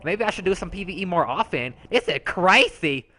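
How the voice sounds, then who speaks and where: A man's voice: high voice, expressive, a little fast, sharp tone. A man doing a sassy, foul-mouthed rogue. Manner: brash, slangy, profane storytelling. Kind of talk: comedic character commentary.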